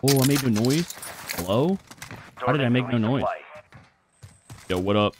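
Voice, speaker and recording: A young man streaming a shooter game, talking to himself in profane, excitable commentary. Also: medium pitch, a little slow, a crowd in the background. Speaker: gaming streamer. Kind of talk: live gameplay commentary. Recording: game sound mixed under voice.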